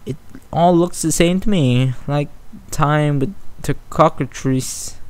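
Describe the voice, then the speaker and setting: A man's voice: fairly high pitch, takes it slowly, clean tone. Brief: pouty storybook filly, argumentative, read by a man. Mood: curious. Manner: bickering, pouting.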